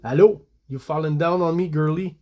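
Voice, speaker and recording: A rough French-Canadian woodsman from a comic book, speaking with a put-on French-Canadian English accent. He talks in a gruff, mocking drawl, a little higher and louder than a plain speaking voice, put on by a man reading the panels aloud. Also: normal speed, lightly acted.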